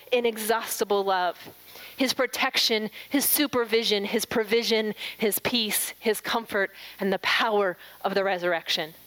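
A middle-aged woman preaching an earnest, emphatic sermon, slowing and softening her voice on scripture quotes. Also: medium pitch, rough recording.

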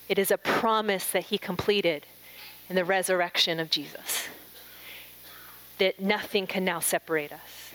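A woman's voice: on the low side, fairly even intonation, rough recording. Earnest woman preaching a sermon. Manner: earnest, emphatic preaching; slows down and softens on scripture quotes.

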